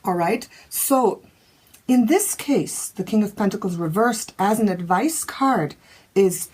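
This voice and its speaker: A woman's voice: mid-range voice, animated, takes it slowly, a little mellow, slightly rough. A woman giving a casual tarot reading, thinking aloud with fillers and restarts. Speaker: tarot reader.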